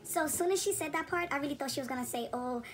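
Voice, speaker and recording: A woman's voice: high-pitched, racing, slight background noise, poor audio. A woman hosting a reaction video, giving preachy commentary and repeating her points for emphasis.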